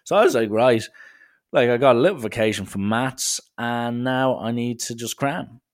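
A man's voice: medium pitch, normal speed. A young Irish man telling a rambling, self-mocking story about his school days in a casual way.

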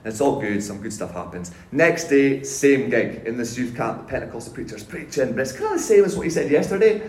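A pastor telling his own faith story in a sermon, animated and self-mocking, with casual slang. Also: mid-range voice, brisk. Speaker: pastor giving a testimony. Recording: roomy hall echo.

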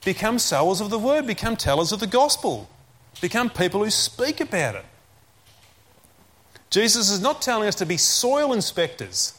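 A man preaching a sermon, repeating key phrases and slowing down to stress commands. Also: sits high, sing-song, fairly bright tone.

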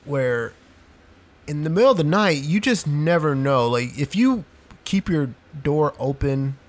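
A young man co-hosting a podcast rambles through a long story in casual chat, packing it with "like" and "dude." His voice is fairly high and expressive, and he talks a little slowly.

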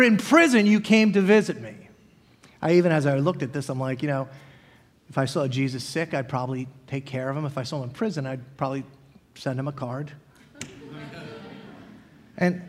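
A middle-aged male pastor preaching a sermon in a church, talking conversationally and acting out the questions of the disciples. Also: a little high. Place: church sanctuary. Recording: long reverb of a large hall.

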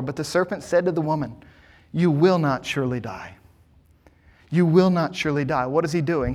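A man, a pastor, preaching a sermon to his congregation, asking rhetorical questions and stressing key words. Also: on the high side.

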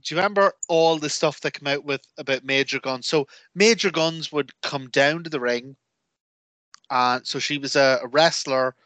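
A man co-hosting a podcast, telling rambling, animated stories in casual chat with lots of fillers. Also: on the high side, normal speed, no echo. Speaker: podcast co-host.

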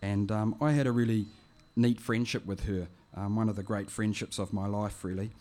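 A man reading his poetry and introducing it in a quiet, gentle, reflective way. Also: lowish voice, steady tone, moderate pace. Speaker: poet.

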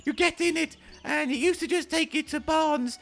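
A man's voice: very high-pitched, moderate pace, fairly bright tone, voice pushed up. A man voicing a dopey adventurer who rambles hesitantly. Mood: rambling.

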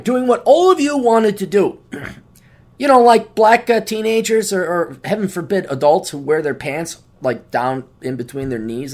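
A man hosts a podcast solo, rambling in a profane, self-mocking way. His voice moves up and down a lot as he talks. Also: high-pitched. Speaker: podcast host. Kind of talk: casual solo monologue.

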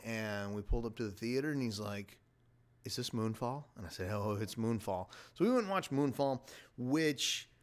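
A middle-aged man hosting a casual podcast, rambling enthusiastically and jumping between topics as he reviews a movie. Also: mid-range voice. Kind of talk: casual chat.

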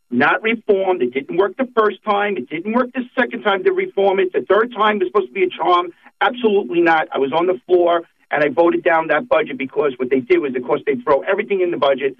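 A middle-aged man, a political guest on a talk show, speaking in a fired-up, emphatic, repetitive way. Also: a little high. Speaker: state senator guest. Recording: tinny phone line.

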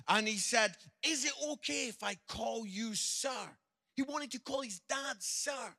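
A middle-aged Scottish man preaching, telling jokey, animated stories to a congregation. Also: very high voice, unhurried. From Scotland. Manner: jokey, animated, lively anecdotes. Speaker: visiting preacher and comedian. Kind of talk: humorous sermon storytelling.

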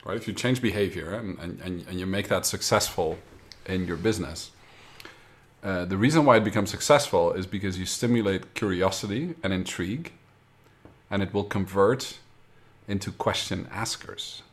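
A man's voice: sits low, moderate pace. A man hosting a casual backstage interview, asking thoughtful questions. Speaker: podcast host.

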